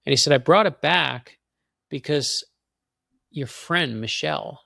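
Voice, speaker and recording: Gravelly, excitable male storyteller. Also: a little high, no room sound, clean studio sound. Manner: excited, fast anecdote with quoted voices. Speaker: guest author. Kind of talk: animated storytelling.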